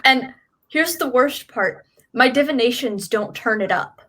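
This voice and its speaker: A woman's voice: fairly high pitch, expressive, measured pace, a bit bright. A woman speaking in character during a tabletop role-playing game, earnest and matter-of-fact.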